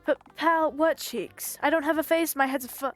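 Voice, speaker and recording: A woman's voice: sits high, moderate pace, a bit bright, faint music behind. Stammering down-and-out phone-head guy, voiced by a woman. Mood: flustered. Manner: stammering, self-pitying. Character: down-and-out male phone-headed loser, nervous.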